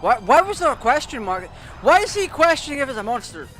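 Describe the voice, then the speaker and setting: A man's voice: very high-pitched, big pitch swings, a little fast, fairly bright tone, faint music behind. A Scottish man giving casual, sarcastic, profane let's-play commentary on a retro game. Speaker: gaming YouTuber.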